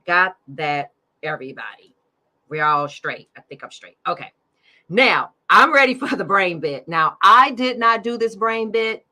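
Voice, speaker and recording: Bright-voiced chatty woman host. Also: fairly low pitch, lively intonation, a little slow. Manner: chatty and upbeat, laughing often. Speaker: podcast host. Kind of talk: casual livestream chat.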